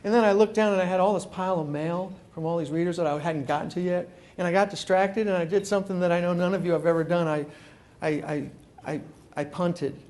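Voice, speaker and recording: A man with a rather high voice tells a story to a live audience. He is animated and acts out the other people's lines. He often repeats words as he starts a sentence. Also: fast. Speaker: consumer columnist giving a talk. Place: meeting room before a live audience.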